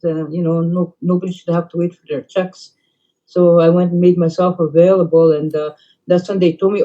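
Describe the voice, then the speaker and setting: A middle-aged woman telling a long story in casual talk, rambling with many fillers and dropping to quiet asides. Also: on the low side, fairly even intonation, normal speed. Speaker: band councillor. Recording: dull lo-fi recording.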